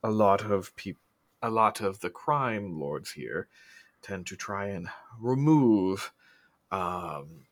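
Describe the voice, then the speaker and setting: A man narrating as game master in a casual, halting way. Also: lowish voice, animated.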